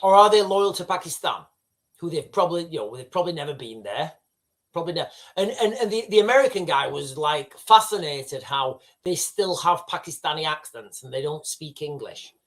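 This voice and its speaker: A man's voice: on the high side, animated, fairly quick, fairly bright tone. A middle-aged British man hosting a livestream, rambling and sidetracking as he talks to his chat. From United Kingdom. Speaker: livestream host. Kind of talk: casual livestream commentary.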